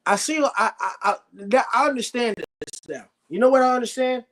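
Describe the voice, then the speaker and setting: High-pitched man ranting bluntly. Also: moderate pace, a bit bright. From United States. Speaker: sports show host. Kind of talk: live sports reaction stream.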